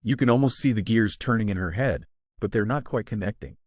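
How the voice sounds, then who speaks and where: A man's voice: on the low side, a little fast, a little mellow, no room sound, studio quality. A man narrating a first-person story in a casual, sarcastic manner.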